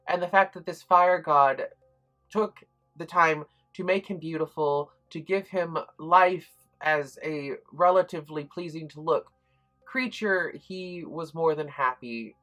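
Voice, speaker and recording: Chatty low-voiced woman reviewing a book. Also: moderate pace, a bit bright, faint music behind. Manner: chatty and enthusiastic, with frequent ums and restarts. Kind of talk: casual spoken review.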